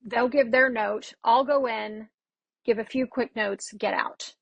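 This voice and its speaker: A woman who works as a dialect coach, speaking as a guest on a podcast. She tells lively stories and acts out the exchanges she quotes. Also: a little high, a little slow, gravelly, breathy edge, dry recording, dull audio. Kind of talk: casual interview chat.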